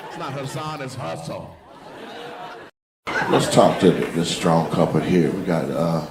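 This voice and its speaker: A man doing stand-up crowd work, teasing audience members with quick-fire questions. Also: sits low, very noisy. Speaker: stand-up comedian. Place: comedy club stage. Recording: echoey live venue with loud crowd laughter.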